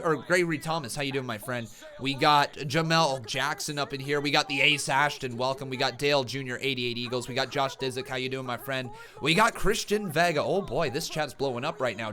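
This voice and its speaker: A man hosting a wrestling live stream, giving excitable, ranting reactions and talking straight to his chat. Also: medium pitch.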